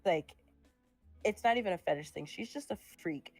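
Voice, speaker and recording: Young woman, low-pitched, casual streamer chatter, dry close sound, faint music behind. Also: expressive, normal speed, no room sound. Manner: chatty, laughing, swearing casually. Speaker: streamer making art. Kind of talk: casual chat while drawing.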